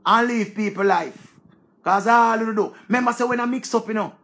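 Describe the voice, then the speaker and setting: A man's voice: high-pitched, moderate pace, a bit bright. A man with a Jamaican accent ranting to viewers in a heated, scolding way, swearing freely. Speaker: online commentator. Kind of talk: casual rant to viewers.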